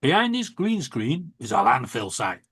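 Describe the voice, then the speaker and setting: A man's voice: medium pitch, big pitch swings, normal speed, fairly bright tone, husky, no room sound, clean studio sound. A man chatting on a live show, throwing out teasing, joking questions. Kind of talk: casual chat.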